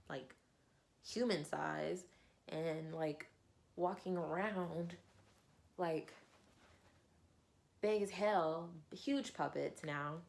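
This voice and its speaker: A woman book reviewer chatting through a novel's plot, slipping into characters along the way. Her voice sits on the low side and stays casual and animated.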